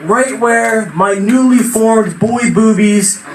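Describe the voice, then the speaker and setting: High-voiced young man doing stand-up. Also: takes it slowly. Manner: animated storytelling, bursts into shouted voices. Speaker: stand-up comedian. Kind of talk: open mic stand-up routine. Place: small venue at open mic night. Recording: echoey room, far from mic, noisy.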